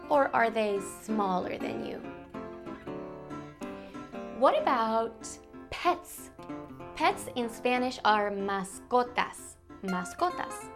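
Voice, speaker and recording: A woman hosting a bilingual lesson for toddlers, speaking slowly and coaxingly in a sing-song way to small children. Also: fairly high pitch. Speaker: children's Spanish teacher host.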